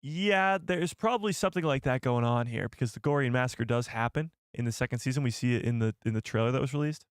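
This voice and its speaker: A young man hosting a live stream in a loose, jokey way, thinking aloud and reading out comments from his chat. His voice sits at an ordinary middle pitch. It is recorded dry and close, with almost no room sound. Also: fast, hardly any pauses, smooth, no echo.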